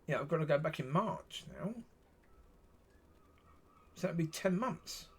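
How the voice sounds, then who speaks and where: A man's voice: on the high side, animated, unhurried, slightly rough. A man, talking casually to camera in a rambling, repetitive way, plain-spoken and exasperated. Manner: rambling and repetitive, circling back on itself. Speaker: vlogger.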